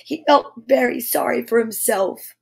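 A woman's voice: on the high side, a little slow, creaky. A woman hosting a children's story show, reading a picture book aloud and adding chatty asides to young listeners.

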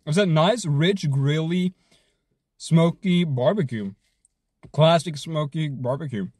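A man streaming himself eating fast food, joking around, swearing often, and humming between bites. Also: fairly high pitch, a little mellow, slightly rough, no room sound, clean studio sound. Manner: hyped, joking, swears a lot, chews and hums between bites.

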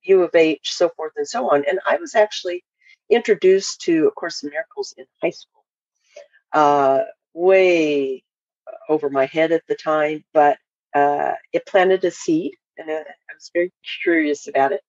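A woman from Hawaii joins a podcast from home and tells her story, pausing often with fillers. Her voice is dry and a bit muffled, as on a remote call. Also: deep voice, a little mellow, dry recording. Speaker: podcast guest. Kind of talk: casual interview, telling her story.

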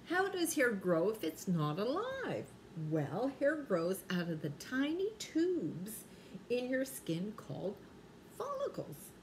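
A woman's voice: mid-range voice, a little hiss or hum. An older woman reading aloud at bedtime to her grandchildren, playful and drawing out the punchlines. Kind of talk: bedtime read-aloud for young children.

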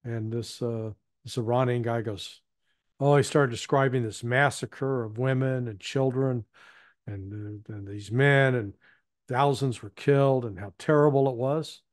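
A man of middle pitch talks through his views as an interview guest, a former intelligence analyst. His delivery is plain-spoken and halting, circling back and restarting phrases as he thinks. The sound is dry and close, with no room around it. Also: fairly even intonation, dry recording. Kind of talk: conversational political commentary.

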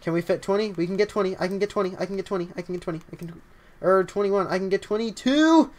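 A young man with a scratchy voice, livestreaming a game at home, chatting casually and excitedly while greeting his viewers. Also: sits high, rapid-fire. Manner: excitable, rambling, greets chat often. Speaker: livestreaming gamer.

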